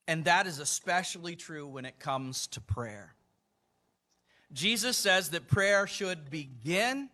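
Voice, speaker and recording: Slow, bright-voiced older male preacher. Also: on the high side. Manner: measured preaching with emphatic quoted lines. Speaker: pastor. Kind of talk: sermon.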